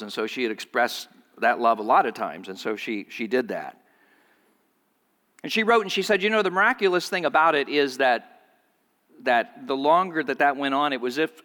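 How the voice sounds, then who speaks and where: A man's voice: bright, forceful tone, long reverb tail. A man preaching a sermon to his congregation, telling a story and acting out the voices of the people in it. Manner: storytelling, voices quoted speakers with pitch jumps. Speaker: pastor.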